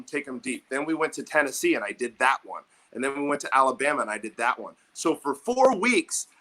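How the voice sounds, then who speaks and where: A young man on a podcast tells a story in loose, animated chat. His voice sits a little high and rings bright and forceful. He swears freely as he gets fired up. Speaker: podcast host. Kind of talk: casual chat.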